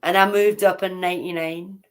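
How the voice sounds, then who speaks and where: A woman's voice: fairly low pitch, fairly even intonation, brisk. A woman with a Geordie accent chatting casually on a live stream, teasing, asking questions and greeting viewers. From Newcastle, England.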